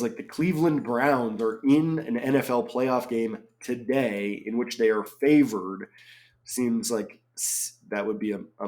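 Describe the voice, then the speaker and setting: A man's voice: mid-range voice, darkish tone. Chatty man thinking aloud. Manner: chatty and digressive, thinking aloud with many ums. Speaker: crossword solver. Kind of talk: casual solo commentary while solving.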